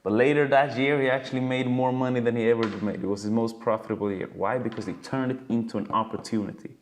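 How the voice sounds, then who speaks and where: A man coaching dancers in a casual webinar, telling stories in an animated way and swearing freely from a home video call. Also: medium pitch, fast, slight background noise.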